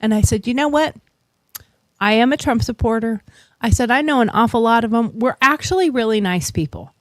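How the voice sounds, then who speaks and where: A woman's voice: fairly high pitch, animated, fairly quick, dry recording. Blunt, swearing woman telling stories. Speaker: podcast host. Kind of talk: casual chat.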